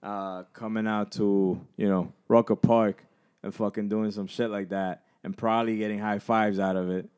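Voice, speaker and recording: A man's voice: fairly low pitch, little pitch movement, moderate pace, darkish tone, smooth. A man co-hosting a podcast, rambling casually with lots of "like" and "you know" and loose swearing. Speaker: podcast co-host. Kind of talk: casual chat.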